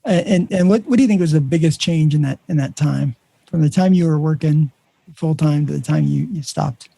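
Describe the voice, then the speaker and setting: A man's voice: on the high side, brisk, vocal fry, dry recording. A man hosting a podcast interview, telling a work story and acting out the dialogue in it. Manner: animated storyteller, acts out dialogue. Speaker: podcast host. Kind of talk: conversational interview.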